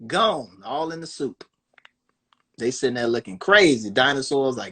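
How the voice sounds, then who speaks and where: Husky-voiced guy going off on a phone live stream, cussing, doing little voices for people. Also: medium pitch, moderate pace. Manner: animated, profane, acts out voices of other people. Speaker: livestream host. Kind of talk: casual livestream rant.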